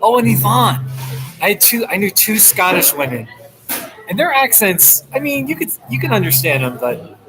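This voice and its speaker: A man's voice: high-pitched, sing-song, moderate pace, background noise. An American man from the New Jersey and New York area, chatting casually and rambling on a live stream from a coffee shop, recording through a laptop he holds up. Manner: rambling, chatty, frequent laughs. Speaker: vlogger. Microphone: laptop held up.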